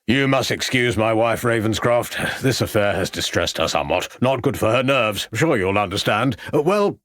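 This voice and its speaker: A man playing a brusque, domineering middle-aged country gentleman who gives orders. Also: on the low side, expressive, moderate pace, no echo, clean studio sound. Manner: brusque, commanding.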